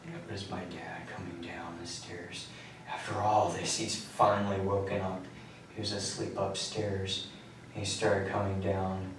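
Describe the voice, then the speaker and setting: A young man in his late teens with a somewhat low voice tells his account in a halting, rambling way, sounding exhausted. He is recorded from far off in a bare, very echoey room. A faint hiss sits under the voice. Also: little pitch movement. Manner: rambling, halting, quiet recounting. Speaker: suspect under questioning. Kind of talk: recounting events in a police interview. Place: police interrogation room.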